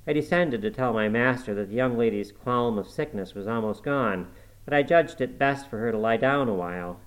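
A man narrating a classic novel in a measured, expressive storytelling manner. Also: mid-range voice, poor audio. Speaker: audiobook reader.

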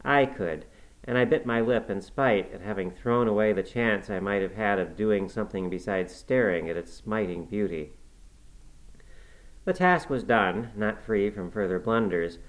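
A man narrating a classic novel in the first person, in a measured, even storytelling manner. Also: on the low side, poor audio. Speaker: audiobook narrator.

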